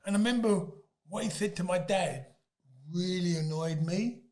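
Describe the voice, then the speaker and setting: Brief: man in his fifties, a high, lively storyteller who laughs often. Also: moderate pace. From Britain. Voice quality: laughs often mid-story, loud emphatic bursts. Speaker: guest. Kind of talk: animated storytelling.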